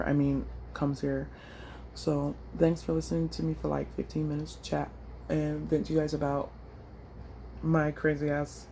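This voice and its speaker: A woman vlogger vents emotionally into her phone, frustrated and blunt, using slangy, profane language. Her voice is deep and mellow with vocal fry, and a faint hiss or hum is audible.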